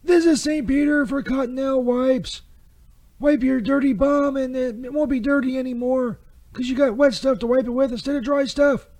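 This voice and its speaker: Field: comedy sketch. Figure: a man putting on a high, mellow Saint Peter, bumbling and crude. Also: fairly even intonation, normal speed. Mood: fumbling. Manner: stumbling, restarting, crude and sarcastic.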